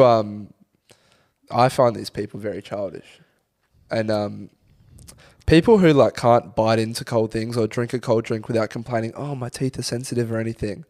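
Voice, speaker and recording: A man's voice: on the low side, unhurried, pauses often, a little mellow. A young man co-hosting a podcast, talking in blunt, sweary, laddish banter. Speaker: podcast co-host. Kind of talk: casual chat.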